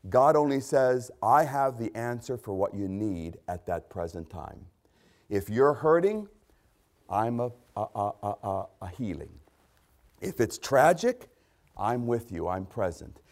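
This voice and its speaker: A man delivers a sermon with real fervor. His pitch swings widely as he asks rhetorical questions and repeats his key phrases to drive them home. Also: very animated, a little slow, a little mellow. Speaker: preacher.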